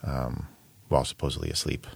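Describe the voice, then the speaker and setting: A man who is a poet and translator, talking in an interview in a thoughtful, measured way with frequent pauses and ums. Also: rumbling low, little pitch movement, creaky, a little mellow, breathy edge, no room sound. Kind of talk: interview conversation.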